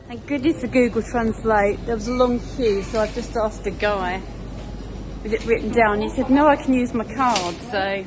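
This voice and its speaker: A British woman with a fairly high voice chats casually to camera on a road trip. She reflects aloud and talks herself through small mishaps in an easygoing way. Faint background noise sits under her voice outdoors. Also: moderate pace. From United Kingdom. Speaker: motorcycle touring vlogger. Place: outdoors by a roadside.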